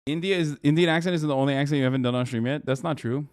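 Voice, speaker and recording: A man's voice: on the high side, racing, no echo, studio quality. Laughing, foul-mouthed male streamer. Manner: swearing, laughing, animated outbursts; joking, sarcastic banter with chat. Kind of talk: casual livestream chat.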